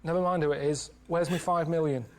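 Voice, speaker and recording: A man's voice: fairly high pitch, fairly even intonation, brisk, lightly acted. A man playing a blunt, threatening kidnapper. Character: menacing male kidnapper, blunt.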